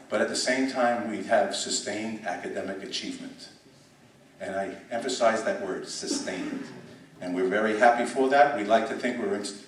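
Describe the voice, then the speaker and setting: A man's voice: lowish voice, a little hiss or hum. A middle-aged man, a school superintendent, giving an emphatic symposium speech, full of fillers and repeated words. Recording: echoey hall, distant mic.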